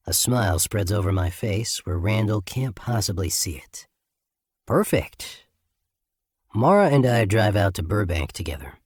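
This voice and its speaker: A man reading a first-person audiobook in an even, sardonic storytelling manner. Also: on the low side, unhurried, breathy edge, no echo, studio quality. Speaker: audiobook narrator.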